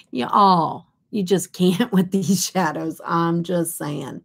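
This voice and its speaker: A woman's voice: fairly low pitch, drawn-out words, creaky, husky. A middle-aged woman from Kansas, hosting a casual makeup livestream, chatty and rambling, often dropping into whispers. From Kansas, USA. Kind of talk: casual live chat while swatching.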